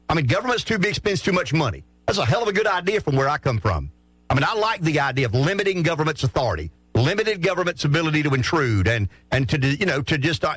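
Man, talk radio host, husky, lively pitch, dry close mic. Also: dry recording. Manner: animated, rambling, repeats words while thinking. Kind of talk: conservative political talk radio.

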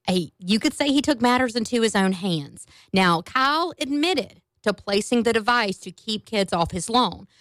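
A woman radio host telling a story in a casual, animated and amused way from a studio. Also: mid-range voice, dry recording.

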